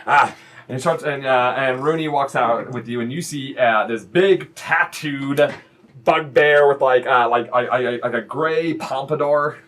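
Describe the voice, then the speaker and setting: A man's voice: medium pitch, unhurried, a bit bright. A man narrating a tabletop game as game master, casual and rambling with many fillers.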